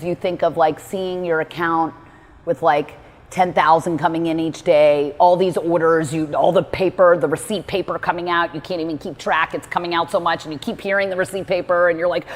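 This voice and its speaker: A woman's voice: on the low side, fairly even intonation, fairly quick. A woman giving a casual motivational talk, rambling with lots of "like" and acting out her own inner dialogue. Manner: chatty, rambling, heavy use of "like". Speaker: motivational speaker on meditation. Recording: reverberant room.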